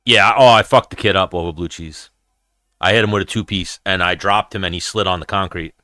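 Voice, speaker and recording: A man hosting a casual live-stream fight chat, telling animated, profane stories about brawls he has been in and reacting to viewer comments. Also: low-pitched, brisk, dry recording, studio quality.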